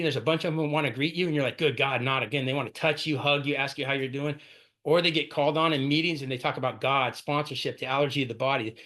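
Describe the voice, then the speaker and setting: A man's voice: a little high, fairly bright tone. A man in his forties tells his recovery story at a meeting, casual and full of "right?" and "man". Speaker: AA speaker sharing his story. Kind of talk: personal recovery talk.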